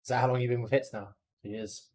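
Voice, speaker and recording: A man's voice: medium pitch, fairly even intonation, quick pace, a little mellow. A man on a dev stream chatting casually, laid-back and agreeable. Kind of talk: casual chat.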